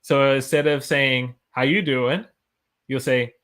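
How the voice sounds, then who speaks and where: A young man hosts a live English lesson, talking casually and warmly encouraging his viewers. His voice sits at a middle pitch, and he answers viewer comments as they come in. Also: fairly even intonation, slow pace. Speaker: English teacher, livestream host.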